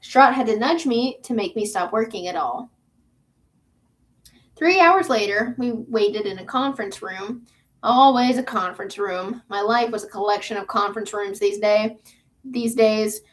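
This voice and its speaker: A woman's voice: mid-range voice, measured pace. A woman reading a science fiction novel aloud on her channel, casual and chatty between passages. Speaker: booktube reader.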